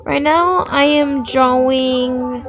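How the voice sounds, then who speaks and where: High-voiced, slow-talking woman streamer. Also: fairly even intonation. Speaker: livestreamer drawing while chatting. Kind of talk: casual livestream chat. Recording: music in the background. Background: music playing.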